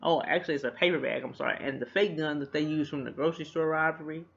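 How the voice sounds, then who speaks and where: A man's voice: fairly high pitch, steady tone, quick pace, creaky, a bit bright. A man casually recapping a TV episode, animatedly retelling scenes and acting out the characters' lines. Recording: dull lo-fi recording.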